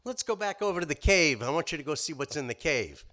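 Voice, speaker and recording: A man's voice: animated, fast talker. Man putting on a sly pleading rabbit. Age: 60s. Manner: pleading, scheming, loud and high. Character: sly clever rabbit writing a thesis. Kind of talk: live storytelling.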